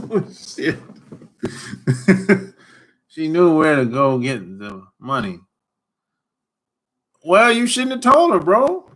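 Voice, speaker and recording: A man's voice: high-pitched, sharp tone. A man hosting a casual livestream, teasing callers in loose slang and laughing often. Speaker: livestream host talking with callers. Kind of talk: casual chat.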